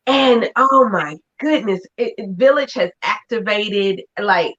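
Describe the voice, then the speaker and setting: A woman hosting a casual chat, talking in an effusive, animated way. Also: medium pitch, measured pace. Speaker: host. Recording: dull lo-fi audio.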